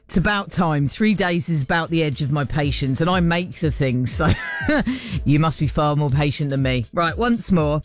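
A woman's voice: low voice, lively intonation, moderate pace, slight background noise. A woman presenting a radio show, chatting playfully with listeners and laughing at herself. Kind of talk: casual radio chat with listeners. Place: radio studio. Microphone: studio microphone.

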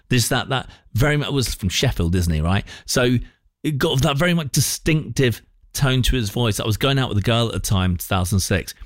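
A man presenting a breakfast radio show from a studio, chatting and telling a story with animated voices. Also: medium pitch, no echo. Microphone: studio microphone.

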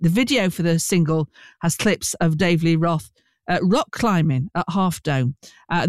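A man's voice: a little high, no room sound. A man presenting a radio segment on an old rock song, chatty and enthusiastic with plenty of "uh" fillers. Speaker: radio host.

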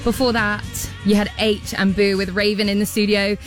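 A woman's voice: mid-range voice, little pitch movement, normal speed, soft background music. A woman radio presenter filling in on a show, chatting casually and cheerfully with listeners, laughing often. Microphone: studio microphone.

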